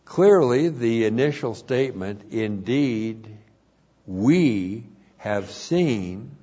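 A man's voice: on the low side, a little mellow, lo-fi sound. A man teaching verse by verse through a Bible epistle, explaining the Greek grammar and stressing key words by repeating them.

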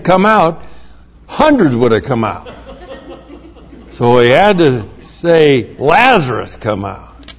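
Male preacher, unhurried delivery, dull muffled recording, plain asides between scripture readings. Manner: reads scripture aloud, then explains in plain asides; grows louder and higher when excited. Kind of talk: sermon.

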